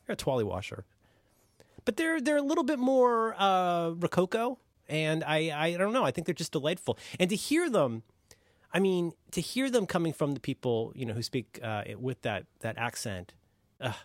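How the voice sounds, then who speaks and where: A man's voice: on the high side, dry recording, studio quality. A man co-hosting a podcast in casual chat, musing aloud and searching for words in a playful way. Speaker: podcast co-host.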